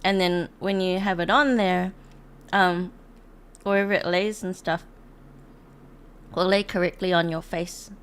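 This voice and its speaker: A woman's voice: on the low side, fairly even intonation, measured pace, long pauses, clear, resonant tone. A young woman streamer chatting casually and rambling, with frequent giggles and fillers while she reacts to videos. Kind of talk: casual chat.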